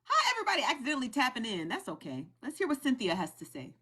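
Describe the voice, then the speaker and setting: A woman hosting a live stream, chatting in an animated, effusive way and tagging lines with "okay?". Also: high voice, fast, husky. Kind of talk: casual live-stream chat.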